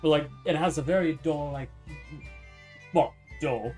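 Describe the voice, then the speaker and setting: A man's voice: a little high, unhurried, darkish tone, faint music behind. Swearing, rambling man with a raised voice. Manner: rambling, profane, loose. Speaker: streamer. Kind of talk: casual chat while cooking.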